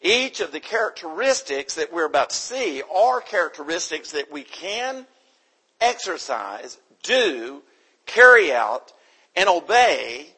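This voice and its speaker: Male preacher from the US, slow emphatic delivery with a lively rise and fall, fairly high voice. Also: husky, poor audio. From United States. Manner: emphatic, repeats key points. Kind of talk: sermon. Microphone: microphone.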